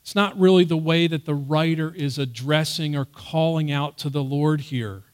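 A man's voice: a little high, moderate pace, few pauses. A man teaching a Bible passage in an earnest sermon style, raising his voice on the quoted words. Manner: earnest, loud on emphasized quotes.

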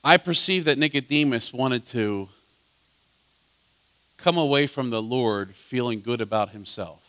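A man teaching a Bible study as pastor, asking his listeners questions and swinging between loud emphasis and soft asides. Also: mid-range voice, unhurried.

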